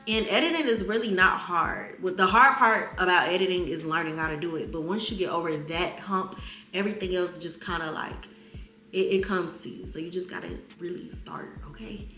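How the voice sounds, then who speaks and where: A young woman vlogger answers viewer questions in an animated, slangy way, talking straight to her audience. Her voice has a bright, forceful edge. The sound bounces around an echoey room. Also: on the low side, moderate pace. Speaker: vlogger, mother. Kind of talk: casual Q&A vlog chat.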